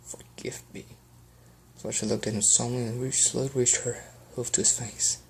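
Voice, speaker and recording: A man's voice: medium pitch, flat delivery, quick pace, vocal fry, a little hiss or hum. A man earnestly reading fan fiction aloud as an amateur audiobook, with small slips.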